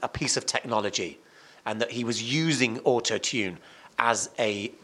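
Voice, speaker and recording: Male radio host as podcast guest, mid-pitched, lively and emphatic, keeps restarting sentences. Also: moderate pace, husky. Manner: animated and emphatic, frequent restarts and repetitions. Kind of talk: casual conversational storytelling.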